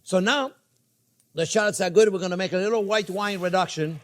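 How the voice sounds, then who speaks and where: A man's voice: high voice, brisk. An older man hosting a cooking show, chatting playfully with viewers as he cooks. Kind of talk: casual cooking demonstration.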